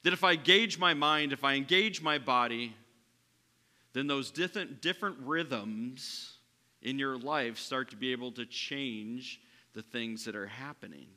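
Preaching man in an echoing church. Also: mid-range voice. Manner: swings from loud preaching to hushed, soft delivery. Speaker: pastor. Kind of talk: sermon. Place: large church hall. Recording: hall reverb from a church sanctuary.

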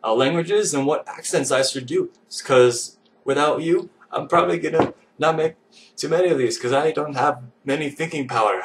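A man's voice: on the high side, normal speed. A man talking casually to camera in a vlog, goofy and self-mocking, rambling from one idea to the next. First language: English. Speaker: vlogger. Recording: distant mic with faint noise.

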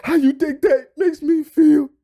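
A man acting out a furious boyfriend who explodes and shouts his grievances in a shrill, near-crying voice. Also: normal speed. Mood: aggrieved.

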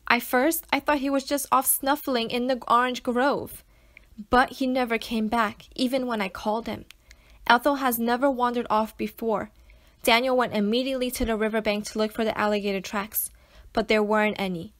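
Expressive woman reading a children's story. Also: a little high, normal speed. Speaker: teacher reading to students. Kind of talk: reading a children's novel aloud.

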